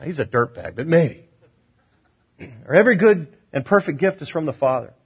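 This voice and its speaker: A man's voice: a little high, big pitch swings, fast, slightly rough, muffled recording. A man preaching a sermon as pastor, asking the congregation questions and acting out the words of others.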